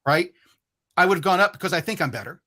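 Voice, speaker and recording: A man's voice: high-pitched, lively intonation, fast, bright, forceful tone. A man who is a podcast guest, telling a long story in casual chat. He swears freely and often stops and restarts his sentences. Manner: rambling, profane, frequent restarts.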